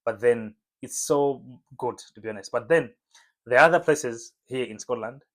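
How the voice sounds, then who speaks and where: Man, casual vlogger, relaxed and chatty, talking to camera at home. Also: mid-range voice, moderate pace. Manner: relaxed, chatty, frequent fillers. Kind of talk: casual talking-head vlog. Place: home room lit by a window.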